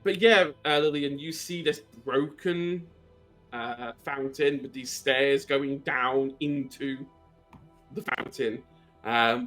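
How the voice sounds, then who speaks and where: Slow bright-voiced man as game master. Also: medium pitch. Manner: slow, halting, many fillers. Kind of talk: narrating a tabletop horror game.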